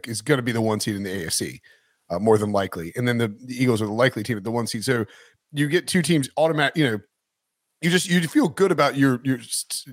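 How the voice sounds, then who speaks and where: A man's voice: medium pitch, dry recording, clean studio sound. A man hosting a casual sports betting podcast, talking in a rambling way with many restarts. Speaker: podcast host.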